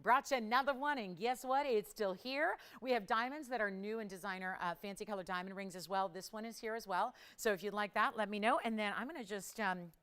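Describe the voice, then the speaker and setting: A woman hosts a live televised jewelry sale with an upbeat, chatty pitch that keeps moving. Her voice is smooth and clear and sits in an ordinary middle register. She talks from a TV studio. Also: brisk, few pauses, a bit bright. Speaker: jewelry shopping show host. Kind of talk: live TV shopping sales pitch.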